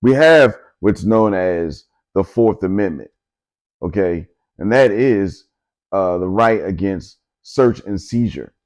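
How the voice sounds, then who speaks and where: A man's voice: sits low, expressive, slow, a little mellow. A man hosting his own podcast, giving emphatic, conversational commentary and often asking "you know what I'm saying?". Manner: emphatic, repetitive, conversational with frequent filler asides. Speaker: podcast host. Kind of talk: opinionated solo podcast commentary.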